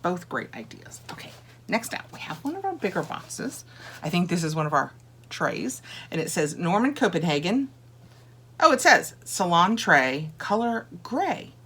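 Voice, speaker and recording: A woman's voice: lowish voice, very animated, moderate pace, fairly bright tone, slight background noise. A woman chatting casually through a home decor unboxing, thinking aloud and gushing over each item. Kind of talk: casual chat.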